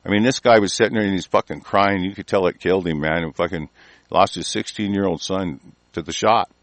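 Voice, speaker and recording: A man's voice: sits low, a little fast, dry recording. A man ranting angrily as a talk show host, swearing constantly and laughing mockingly. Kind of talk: profane conspiracy rant.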